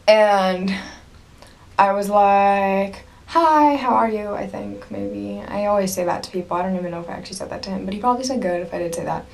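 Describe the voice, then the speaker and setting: A woman's voice: mid-range voice, fairly even intonation, brisk, vocal fry, darkish tone. A young woman vlogging casually to camera, gushing and rambling with lots of "like" and "literally".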